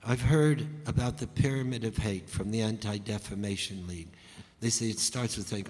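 A man's voice: on the low side, normal speed, darkish tone. A man, a folk singer and guest speaker, making an earnest, pleading spoken appeal to an audience. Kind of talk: earnest spoken appeal between sung verses. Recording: echoey hall with guitar behind. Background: acoustic guitar.

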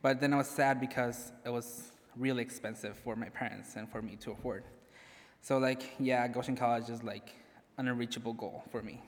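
A man's voice: medium pitch, steady tone, fairly quick. A young man, a graduating student, giving a personal speech to an audience; he is nervous, laughs at himself often and says "like" a lot. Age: young adult. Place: large hall. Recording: hall reverb.

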